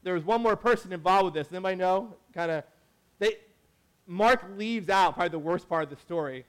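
High-pitched guy preaching, super casual, lots of "like", restarts, acts out the quotes. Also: a little fast, a bit bright, clear, resonant tone. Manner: conversational, lots of "like" and self-corrections, acts out quotes. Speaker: pastor. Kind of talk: sermon.

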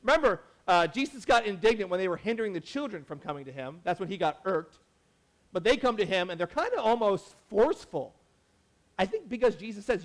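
High-voiced man preaching a casual sermon. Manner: conversational, lots of "like" and self-corrections, acts out quotes. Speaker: pastor.

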